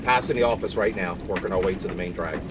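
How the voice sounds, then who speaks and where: A man's voice: low-pitched, fast talker, muffled recording, very noisy. Easygoing middle-aged man vlogging from an RV. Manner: easygoing, joking. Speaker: RV travel vlogger. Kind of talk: casual vlog chat. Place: inside and around an RV at a campground.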